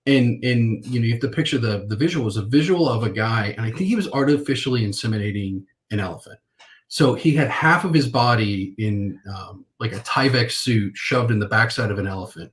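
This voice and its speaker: A middle-aged man, a podcast guest, telling lively stories and acting out the phone calls he once made. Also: mid-range voice, fairly quick. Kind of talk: interview.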